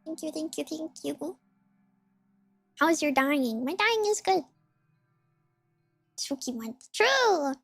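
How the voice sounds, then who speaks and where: Young streamer girl, super high squeaky voice, giggly and bubbly, game music quiet in the back. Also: big pitch swings, slow, pauses often, no echo, studio quality. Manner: giggly, bubbly, thanking chat and raiders. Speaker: VTuber streamer. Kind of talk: casual livestream gaming chat.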